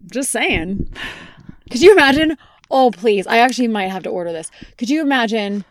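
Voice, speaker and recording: A woman in her forties co-hosting a podcast from a car, blunt, profane and quick to laugh. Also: on the high side, animated, no room sound. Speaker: podcast co-host. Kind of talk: casual chat. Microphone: podcast microphone.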